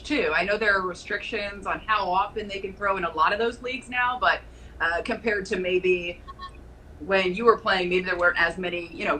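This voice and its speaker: Woman host of a live-stream chat; bright, conversational, asks long questions. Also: medium pitch, a little hiss or hum, rough recording. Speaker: host, sports reporter. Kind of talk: casual live-stream interview.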